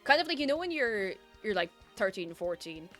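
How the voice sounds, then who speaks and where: A woman's voice: medium pitch, big pitch swings, moderate pace, a bit bright. A woman livestreamer rambles through casual chat with her viewers. She giggles often and pokes fun at herself. Faint music plays in the background. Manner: rambling, giggly and self-mocking.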